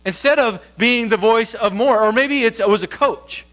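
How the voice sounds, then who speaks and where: A male pastor delivers a sermon in a conversational, storytelling style, shifting quickly as he acts out other people's voices. His voice is a bit bright, and a low mains hum runs under the recording.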